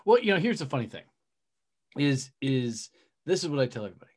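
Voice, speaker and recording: Man, podcast host, casual, blunt, swears a lot, mid-pitched voice. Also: big pitch swings, fast talker, a little mellow. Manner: casual, swears freely, emphatic. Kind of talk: podcast interview talk.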